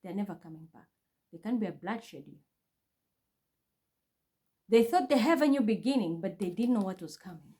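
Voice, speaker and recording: Talking to the camera from her own home, a spiritual reader vlogger launches into an intense, accusatory monologue that keeps circling back on itself. Her medium-pitched voice has a dark tone and plenty of expression, moving at a moderate pace with frequent pauses.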